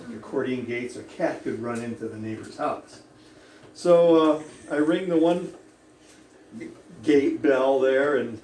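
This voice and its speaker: A man's voice: mid-range voice, warm tone. A man preaching to a congregation, telling a funny story with many chuckles and asides. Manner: humorous, chuckling storyteller who digresses. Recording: echoey hall from a distance with faint room noise.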